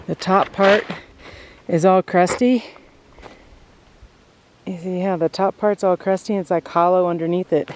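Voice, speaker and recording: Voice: medium pitch, steady tone, a little slow, long pauses, background noise. A vlogger talking casually to viewers while hiking up a snowy mountain slope, out of breath from the climb and laughing often. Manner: chatty, addresses viewers directly, laughs often. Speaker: vlogger showing their land. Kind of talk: casual walk-and-talk to camera. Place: outdoors on a snowy mountain hillside.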